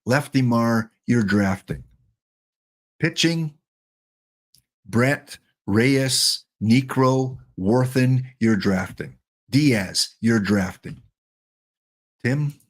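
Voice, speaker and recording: A middle-aged man giving chatty, joking live-stream commentary while playing a baseball sim, excited and wired on coffee. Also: mid-range voice, extremely slow, pauses often. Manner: chatty, joking, talks to chat bots.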